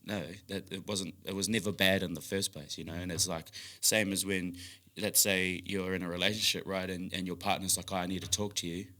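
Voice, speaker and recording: A man with a very deep voice that still carries a bright, forceful bite. He talks in a relaxed podcast chat, animated and profane, and slips into the voices in his head. Small laughs break up his sentences. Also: brisk. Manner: animated, swears freely, acts out inner voices; laughs between phrases.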